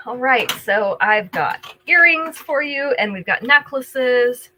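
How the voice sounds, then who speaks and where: Older woman, live jewelry seller, chatty, greets viewers, bright tone, slightly high voice. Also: lively intonation, slow, a little hiss or hum, rough recording. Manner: chatty, greets viewers by name while describing items. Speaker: live jewelry sale host. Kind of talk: casual live-stream selling chat.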